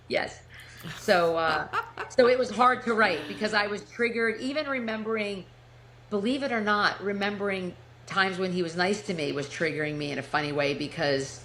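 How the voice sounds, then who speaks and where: With a fairly bright, mid-range voice at normal speed, a middle-aged New Jersey woman with a New Jersey accent chats casually as a podcast guest and author. She shares her story, laughs a lot, and frequently starts sentences over. Slight background noise is audible.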